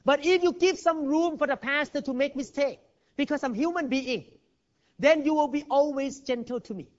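This sermon comes from a male pastor with an extremely high pitch, speaking at normal speed in non-native English. His emphatic delivery swings from loud to hushed, captured dully and lo-fi in a church hall.

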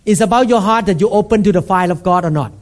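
A man preaching a sermon as a pastor, emphatic and repetitive, acting out scenes with sudden shouts. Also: high voice, fast. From Thailand.

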